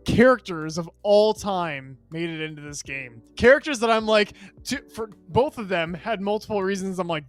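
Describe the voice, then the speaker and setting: A man's voice: high voice, expressive, normal speed, hardly any pauses, soft background music. A male podcast co-host in casual gaming chat, rambling and enthusiastic, laughing often.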